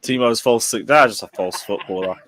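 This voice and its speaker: A man's voice: medium pitch, a little fast. A man hosting a casual football livestream, chatting with guests and reading out viewer messages. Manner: relaxed, reads out viewer messages.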